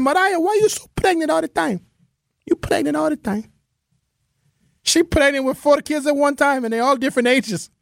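A man's voice: extremely high pitch, fairly bright tone, no echo, clean studio sound, voice pushed up. A man doing a comic impression of an immigrant basketball player who speaks in broken English with short, choppy sentences. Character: male immigrant pro basketball player, boastful and rambling.

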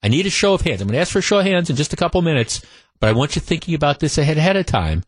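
A man hosting a political talk radio show, speaking with many halting restarts into a studio microphone. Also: fairly high pitch, very animated, no room sound.

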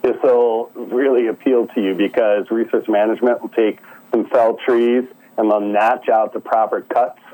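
A middle-aged man calling into a radio show as a forest preserve guest, talking in a relaxed, easygoing way with fillers. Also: on the low side, moderate pace, low-quality recording. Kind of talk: phone-in interview. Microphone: phone line.

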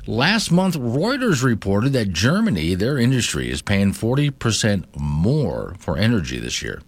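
A man's voice: fairly low pitch, measured pace, no room sound. A man hosting a morning talk radio show, reading news and chatting with asides. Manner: conversational, animated, reads news aloud with asides. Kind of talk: talk radio monologue and banter.

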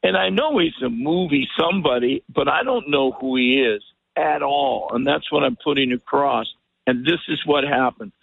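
An older man with a deeply gravelly, husky voice tells a winding story as a radio guest. He keeps slipping into the voices of the people in it. The sound is dry and thin, coming down a phone line. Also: normal speed, no echo. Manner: rambling, animated storyteller who acts out quotes. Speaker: guest musician. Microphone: telephone.

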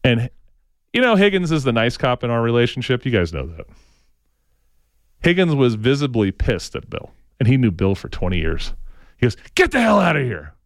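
A man's voice: medium pitch, very animated, moderate pace, pauses often, clear, resonant tone, no echo. A man co-hosting a talk show, telling rambling opinionated stories, tagging his sentences with "right?" and slipping into impressions of the people he quotes. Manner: tags sentences with "right?", frequent restarts.

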